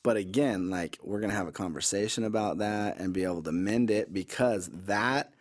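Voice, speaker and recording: Man, middle-aged, very low voice, casual podcast talk, rambling, filler-heavy. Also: moderate pace. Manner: rambling, self-correcting, lots of "like" and "you know". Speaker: podcast co-host. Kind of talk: casual conversation.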